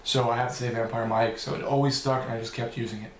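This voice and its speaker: A man's voice: medium pitch, steady tone, fast talker, reverberant, slight background noise. A man answering viewer questions in a loose, rambling vlog, swearing now and then. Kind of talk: casual Q&A vlog.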